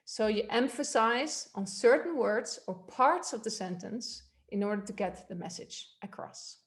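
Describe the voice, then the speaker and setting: A woman's voice: medium pitch, lively intonation, a little slow. A woman voice coach giving a workshop, explaining techniques in a loose, conversational way and demonstrating them aloud. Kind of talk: workshop instruction.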